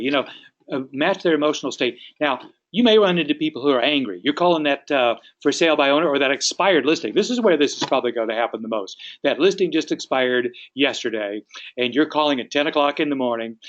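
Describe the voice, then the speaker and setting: A man teaches a sales training session, explaining each point and acting out sample calls. His voice sits at a middle pitch. The recording is dull and lo-fi. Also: quick pace, fairly bright tone. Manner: instructive, acts out sample phone calls. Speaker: real estate sales trainer. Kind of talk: training talk.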